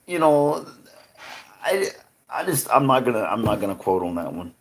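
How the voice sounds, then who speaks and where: A sing-song, mid-range voice belongs to a man hosting a live stream. Earnest and rambling, he talks to his chat viewers by name, stopping and restarting his thoughts again and again.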